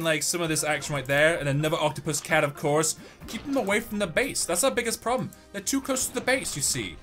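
A young man giving commentary on a mobile game, swinging from low muttering to frustrated yelling. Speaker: gaming YouTuber.

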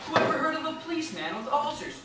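A man's voice: very high-pitched, sing-song, fast talker, heavy background noise. A young man playing a nervous, blustering city policeman in a school stage play. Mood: flustered. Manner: blustering, flustered, rambling. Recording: echoey stage from far off.

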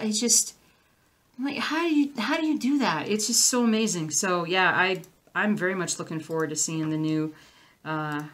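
A woman's voice: lowish voice, a bit bright. A woman hosting a crafting channel, chatting casually to the camera in a rambling, easily sidetracked way. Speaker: cross-stitch channel host.

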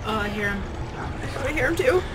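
A woman's voice: on the high side, animated, a little fast, noisy background. A woman hosting a horror game let's play, muttering to herself and breaking into frightened exclamations. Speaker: gaming channel host.

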